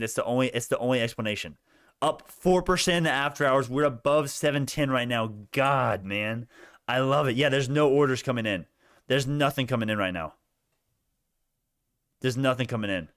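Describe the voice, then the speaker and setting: A young man giving animated live commentary on stock prices, laughing and repeating himself, his voice worn out. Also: mid-range voice, dry recording, studio quality. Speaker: stock market streamer. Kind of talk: excited live market commentary.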